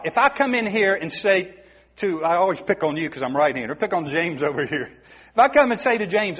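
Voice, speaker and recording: A man's voice: fairly high pitch, very animated, moderate pace, a bit bright, husky. A man preaching a sermon, emphatic and asking the congregation rhetorical questions. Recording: dull, muffled recording in a reverberant hall.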